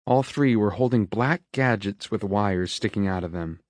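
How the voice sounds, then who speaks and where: A man reading an audiobook in a steady, measured narration. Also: fairly low pitch, dry recording, studio quality. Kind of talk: scripted narration.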